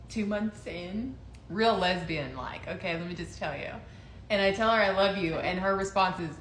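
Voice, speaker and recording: A young woman in casual chat, telling a story with laughter and acted-out quotes. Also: mid-range voice. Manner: animated, laughing, acts out quotes. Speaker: co-host telling their story. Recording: roomy echo, faint noise.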